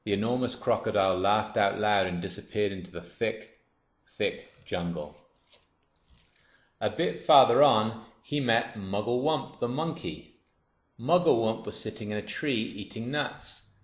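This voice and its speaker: A man narrating a children's story aloud in a steady, expressive reading voice. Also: fairly low pitch, measured pace. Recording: roomy, dull lo-fi.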